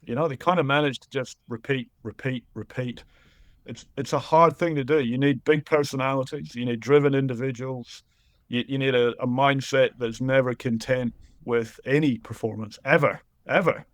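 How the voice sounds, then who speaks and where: A middle-aged man from Scotland with a Scottish accent softened by years abroad, speaking earnestly as a guest and repeating words for emphasis. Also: medium pitch, steady tone, normal speed, no room sound. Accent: Scottish, softened by years in New Zealand. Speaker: rugby writer, guest. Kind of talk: casual chat.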